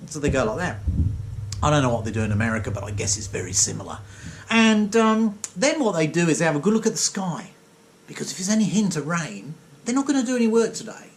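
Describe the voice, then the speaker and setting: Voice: medium pitch, big pitch swings, fast. A comic storyteller giving a sarcastic, digressive rant monologue.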